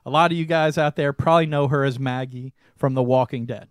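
A young man co-hosting a podcast, telling a story in casual chat, animated and laughing often. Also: medium pitch, a little fast, dry recording, clean studio sound. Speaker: podcast co-host.

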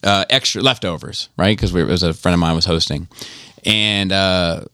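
A man's voice: low-pitched, steady tone, normal speed, pushed and bright, clear, resonant tone, no echo. A man co-hosting a podcast, telling a long, profane story in casual chat, full of ums and you-knows. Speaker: podcast co-host.

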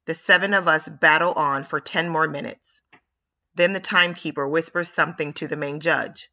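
A woman narrating a first-person audiobook in a steady, measured read. Her voice is low in pitch but has a bright, crisp edge.

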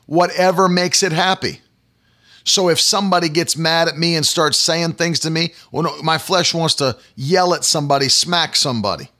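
A man's voice: fairly high pitch, moderate pace, bright, forceful tone. A middle-aged man preaching a sermon, emphatic and repetitive, often asking the congregation rhetorical questions.

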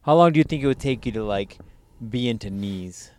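Smooth-voiced profane man joking around. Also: mid-range voice, expressive, brisk, a little mellow. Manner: profane, joking, laughs often. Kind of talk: crude casual chat.

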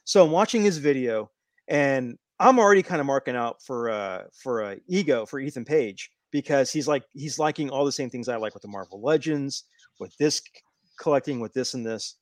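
A man's voice: mid-range voice, expressive, moderate pace, no room sound, studio quality. A man co-hosting a casual podcast, telling a long rambling story with many restarts. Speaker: podcast co-host. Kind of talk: casual wrestling podcast chat.

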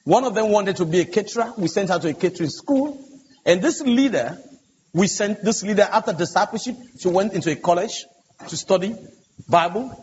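Male pastor panelist, fairly high voice, earnest storyteller; dull, hissy hall recording. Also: a little fast, darkish tone. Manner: earnest, emphatic retelling of dialogue. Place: large conference hall. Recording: dull, echoey conference hall audio with hiss.

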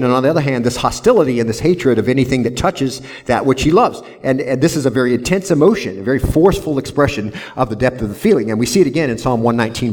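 A man's voice: medium pitch, darkish tone. A man pastor preaching a verse-by-verse sermon in an earnest manner, often tagging "see?" onto his points.

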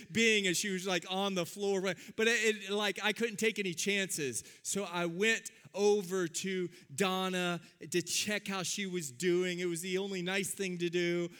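A man preaching a sermon, animated and calling on his congregation to respond. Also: sits high, clean tone. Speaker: pastor.

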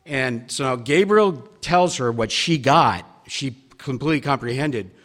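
A man's voice: mid-range voice, expressive, measured pace, a bit bright, in a large hall. A man teaching a church Bible study class from slides, talking in a conversational, emphatic way with frequent fillers and restarts.

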